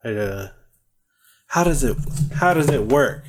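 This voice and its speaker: A man's voice: medium pitch, animated, measured pace, noisy background. Laughing Californian man joking around. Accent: Californian American. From United States. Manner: jokey, laughing, loose rambling. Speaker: podcast co-host, dungeon master. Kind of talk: casual chat.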